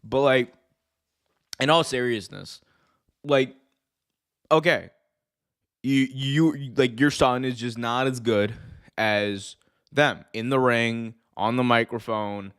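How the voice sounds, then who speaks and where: A man's voice: mid-range voice, slow, long pauses, clear, resonant tone. A young adult man hosting a wrestling show, ranting casually to his viewers, repeating points and restarting sentences as he goes. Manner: animated, repeats himself, frequent restarts and fillers. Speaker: wrestling podcast host. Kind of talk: casual opinion rant to live viewers.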